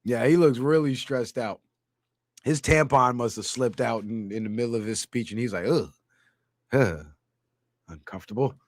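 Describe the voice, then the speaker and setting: A man's voice: medium pitch, fairly even intonation, moderate pace, no echo, studio quality. A man hosting a ranting comedy commentary, crude and mocking, laughing at his own jokes. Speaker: channel host.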